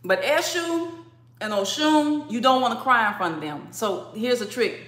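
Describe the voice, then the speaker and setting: A woman teaching a spiritual workshop in a lively way, acting out crying and laughing as she explains. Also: a little high, moderate pace, roomy sound.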